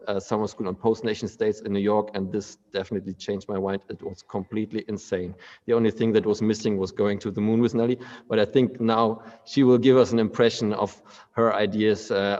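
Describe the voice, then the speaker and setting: Low-voiced man host, dull hall sound. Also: a little mellow. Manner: earnest, halting, with fillers. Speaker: event host. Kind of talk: introducing a speaker.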